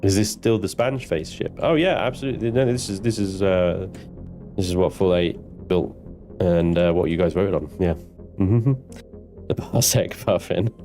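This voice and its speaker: A male streamer talks through his game live, joking and swearing with his chat. His voice sits on the low side. Soft music plays quietly underneath. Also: normal speed. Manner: chatty, swearing, banters with chat. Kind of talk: live gameplay commentary.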